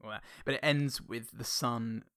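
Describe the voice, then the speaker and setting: A man's voice: mid-range voice, fairly even intonation, moderate pace, bright, forceful tone, no room sound. A man co-hosting a casual film podcast, trading dry jokes and swearing. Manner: dry jokey banter, swears freely. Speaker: podcast co-host reviewing a film. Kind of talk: casual chat.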